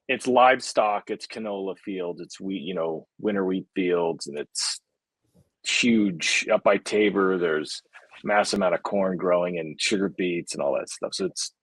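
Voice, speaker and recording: A young man from Canada, a podcast guest telling stories in a rambling, animated way with many restarts. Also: low voice, unhurried, husky, dry recording, rough recording. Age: young adult. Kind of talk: casual chat.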